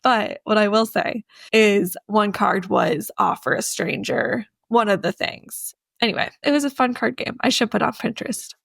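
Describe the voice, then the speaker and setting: A woman's voice: medium pitch, normal speed, gravelly, no echo, studio quality. A young woman co-hosting a podcast in casual chat, with a groggy morning voice and lots of "like" fillers. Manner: chatty, filler-heavy with lots of "like". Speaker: podcast co-host.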